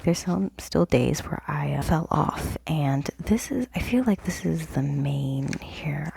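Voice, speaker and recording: A woman whispering a casual vlog walkthrough of her planner at a home desk, in a low morning voice, halting with many fillers. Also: creaky, a little mellow, husky, dry recording. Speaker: planner vlogger. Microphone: desk mic.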